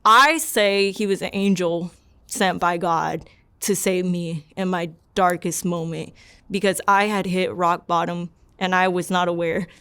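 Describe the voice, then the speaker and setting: A young woman in an interview, earnestly recounting a personal story in a rambling, soft-spoken way with lots of "like". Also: lowish voice, fairly even intonation, measured pace, clean tone. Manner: rambling and earnest, leans heavily on "like". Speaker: interview subject.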